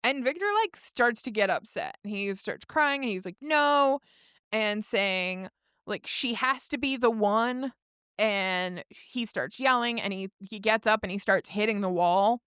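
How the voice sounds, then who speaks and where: A woman co-hosting a podcast, retelling a show's scenes in a lively, laughing way. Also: mid-range voice, normal speed, smooth, no echo. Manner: animated retelling with laughs and quoted lines. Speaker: podcast co-host. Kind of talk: casual recap chat.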